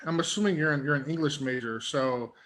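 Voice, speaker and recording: A man's voice: medium pitch, brisk, background noise. A man hosting a podcast interview, asking questions full of fillers and restarts. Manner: hesitant, filler-heavy questions. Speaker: podcast host.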